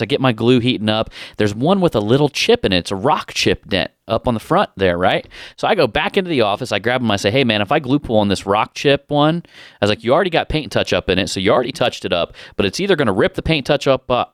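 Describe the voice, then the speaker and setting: A man's voice: mid-range voice, fairly bright tone, dry recording, studio quality. A man hosting a podcast, telling a story in casual chat and acting out the other people's voices. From Ohio, USA. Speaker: podcast host.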